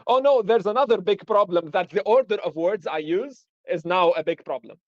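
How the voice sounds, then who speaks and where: A man's voice: high voice, expressive, moderate pace, no echo, highs cut off. A man lecturing on philosophy in a live-streamed discussion, explaining through examples and rhetorical questions.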